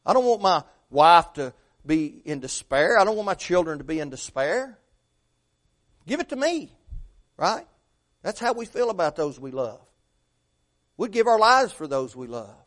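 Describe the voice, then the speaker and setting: Middle-aged male preacher, high-pitched, asks the room questions, drops to hushed tones. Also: very animated, moderate pace. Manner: rhetorical questions, swings from loud to hushed. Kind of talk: sermon.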